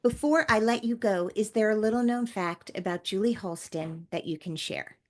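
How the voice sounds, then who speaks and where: A woman's voice: medium pitch, normal speed. A woman hosting a podcast who chats with her guest in an effusive, encouraging way. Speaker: podcast host. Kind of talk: casual podcast chat.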